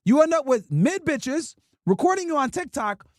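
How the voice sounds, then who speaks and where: High-voiced man ranting on stream. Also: big pitch swings, normal speed, dry recording, studio quality. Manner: profane, blunt, emphatic ranting. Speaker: livestream host. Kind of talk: casual streaming rant reacting to clips.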